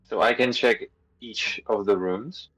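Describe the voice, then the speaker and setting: A man's voice: lowish voice, measured pace, fairly bright tone, rough recording. A man playing a tabletop game, joking and playful with the game master. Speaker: player. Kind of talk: casual tabletop play.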